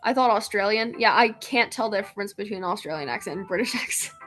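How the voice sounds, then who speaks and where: A woman streamer chats casually with her viewers between bits of gameplay. She is laid-back and quick to laugh at her own mistakes, speaking at an ordinary middle pitch. Faint music runs quietly in the background. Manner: laughing, self-deprecating, chatty.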